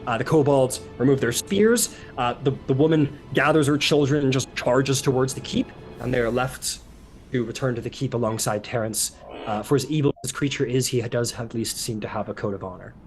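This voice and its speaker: A man's voice: medium pitch, fairly quick, faint music behind. Male game master, loose casual narration full of fillers. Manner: casual, rambling, many fillers.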